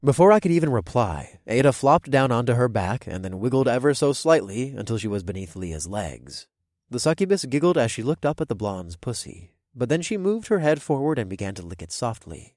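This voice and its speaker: A man narrating an audio story in the first person, with an expressive delivery. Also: mid-range voice, no room sound, clean studio sound.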